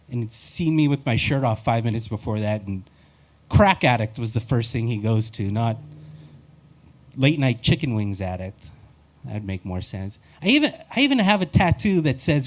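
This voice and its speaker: A male comedian works through a live stand-up set in a wry, rambling way. He pokes fun at himself with a relaxed, self-deprecating delivery. His voice sits at an ordinary middle pitch. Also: normal speed.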